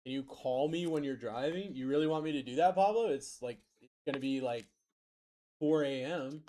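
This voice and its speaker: A man's voice: mid-range voice, moderate pace, warm tone. A man hosting a live card break stream, reading out player names and answering chat. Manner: rattles off player names, reads chat aloud.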